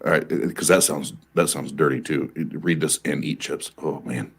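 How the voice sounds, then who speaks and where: A man's voice: extremely low pitch, steady tone, moderate pace, husky. A man on a remote call mic in casual, bawdy joking chat, stammering and restarting as he talks. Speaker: guest reader on a call-in stream.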